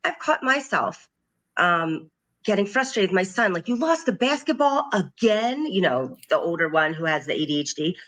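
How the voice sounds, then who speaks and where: As a podcast guest, a middle-aged parent coach and occupational therapist speaks earnestly and reflectively, often quoting what she tells her kids. Her voice is lowish and bright, forceful in tone, at a normal speed.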